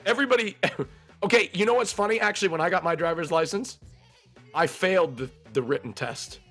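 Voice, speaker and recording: A man from the United States hosts a casual streamed chat. His voice sits high and he talks with playful energy, circling back over the same words. Soft music plays faintly behind him. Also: fairly quick. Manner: energetic, joking, repeats himself. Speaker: stream host.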